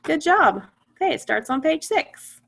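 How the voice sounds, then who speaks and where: A woman teaching a phonics lesson to young children, patient and encouraging, sounding out words slowly. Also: sits high, sing-song, vocal fry, a bit bright.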